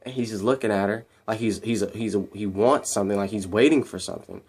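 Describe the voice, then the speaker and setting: A man casually retelling a film scene by scene, rambling and repeating himself, and jumping into higher voices when he quotes the characters. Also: fast talker, a little mellow, breathy edge. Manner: rambling and repetitive, acting out quotes in raised voices. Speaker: movie recap vlogger.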